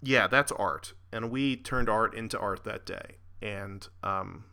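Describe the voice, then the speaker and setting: A man's voice: fairly low pitch, slow, creaky, bright, forceful tone. A man hosting a podcast, telling a long rambling story with laughs, fillers and some swearing. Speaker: podcast host. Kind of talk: casual storytelling.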